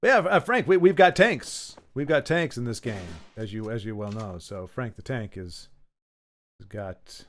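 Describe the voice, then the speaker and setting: A man's voice: mid-range voice, lively intonation, measured pace. A man giving casual, joking commentary while playing a card game, muttering to himself between asides to his viewers. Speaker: gaming channel host.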